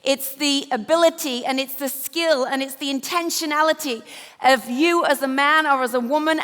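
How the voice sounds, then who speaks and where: Bright, high English woman speaker. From England. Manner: playful teasing banter with the audience. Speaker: keynote speaker. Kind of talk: motivational leadership talk. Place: large event hall. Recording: reverberant hall.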